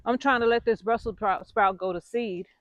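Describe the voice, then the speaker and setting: A woman's voice: fairly high pitch, fairly even intonation, moderate pace, dry recording, lo-fi sound. Breathless woman chatting while gardening. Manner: chatty, self-deprecating, talks while working. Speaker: gardening vlogger. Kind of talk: casual gardening vlog. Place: outdoor garden.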